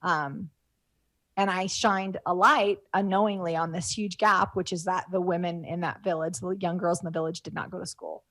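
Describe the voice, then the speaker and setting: A woman's voice: lowish voice, steady tone, normal speed, fairly bright tone, no room sound. A middle-aged woman telling stories as a guest in an interview. She rambles, with many fillers and restarts, and is moved to tears as she talks. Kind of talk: casual interview talk.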